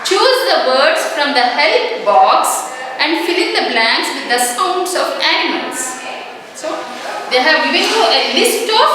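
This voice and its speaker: A woman teaching an online lesson to young children, slowly repeating her questions and answers. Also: high voice. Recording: echoey room audio from a distance.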